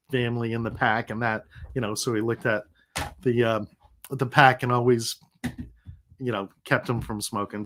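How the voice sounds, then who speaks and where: Middle-aged male stream host, recovering from illness, loose rambling chat, mid-pitched voice. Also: fairly bright tone, a little hiss or hum. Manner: rambling, chatty, laughs easily. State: sick, recovering. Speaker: livestream host. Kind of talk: casual livestream chat.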